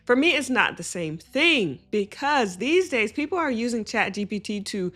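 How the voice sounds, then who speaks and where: A woman hosting a commentary video, sharing opinions in a loose, tangent-prone way and laughing as she talks. Her voice is bright and forceful. It sits slightly higher than average. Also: animated, brisk, hardly any pauses. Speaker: commentary channel host. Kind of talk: casual commentary rant.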